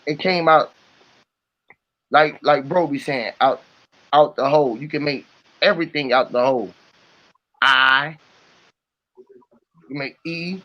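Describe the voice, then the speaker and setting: A vlogger with a somewhat high voice talks casually to camera, musing and rambling freely with plenty of profanity. The recording has its highs cut off.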